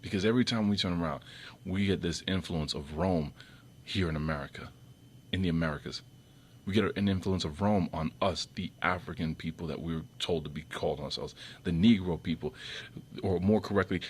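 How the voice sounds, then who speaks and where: A man giving an off-the-cuff commentary monologue, rambling with many restarts and repeated words, his voice often jumping up sharply when irritated. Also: slight background noise. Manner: irritated, sharp jumps up in pitch and loudness. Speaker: video commentator.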